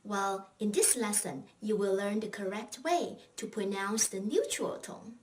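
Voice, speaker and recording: A woman teaching a scripted Chinese language lesson, speaking patiently and encouragingly, pausing for learners to answer. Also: medium pitch, far from the mic, slight background noise.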